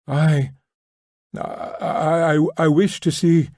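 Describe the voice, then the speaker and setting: A man's voice: a little high, steady tone, extremely slow, vocal fry, a little mellow, no echo, pitched above the performer's own voice, heavily acted. A man doing a stammering remorseful nobleman. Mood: pleading. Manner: stammering, earnest pleading. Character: remorseful young nobleman, halting and tearful.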